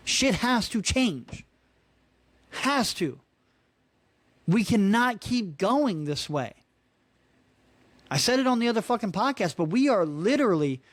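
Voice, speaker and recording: A man's voice: sits high, no echo. Profane ranting man in his thirties. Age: 30s. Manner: profane, frustrated ranting with frequent "dude" and "man". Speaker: podcast host. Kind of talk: casual solo podcast rant.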